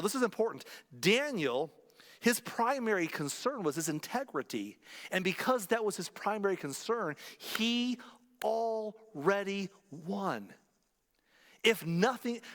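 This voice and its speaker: A man preaching in a church sanctuary, his fairly high voice carrying a long reverb tail. He moves through the sermon in a conversational, storytelling way and repeats key lines for emphasis. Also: a bit bright. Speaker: pastor.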